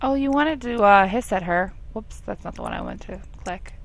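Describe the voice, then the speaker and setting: Giggly young woman with a gravelly voice. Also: mid-range voice, lively intonation, moderate pace, a little hiss or hum. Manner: chatty, giggly, talks to the game characters. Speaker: gameplay commentator. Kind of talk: casual let's play commentary.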